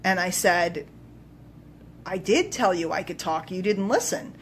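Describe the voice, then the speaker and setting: A woman coach telling a story on a live stream, emphatic and animated, swinging between loud bursts and quiet asides. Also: lowish voice, measured pace, slight background noise. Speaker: business coach.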